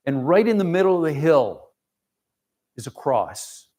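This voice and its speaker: A man's voice: a little high, big pitch swings, measured pace, mellow. A man giving an informal, emotional mission report to a church congregation, rambling with fillers and restarts. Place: church sanctuary.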